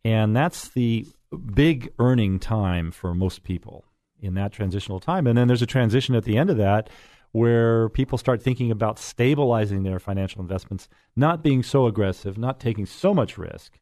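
A man's voice: fairly low pitch, normal speed, dark tone, no echo, clean studio sound. Chatty middle-aged man hosting radio. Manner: folksy and chatty, with many fillers. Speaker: radio real estate show host. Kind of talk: casual radio talk show chat. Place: radio studio.

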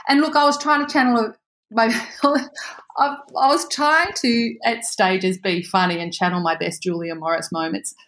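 A woman telling a story in a casual chat, animated, laughing often and acting out the voices of the people in it. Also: medium pitch, moderate pace.

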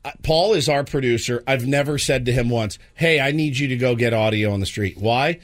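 A man hosting a radio show, chatting casually in an excitable, theatrical way. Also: mid-range voice, a little fast. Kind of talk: casual studio chat.

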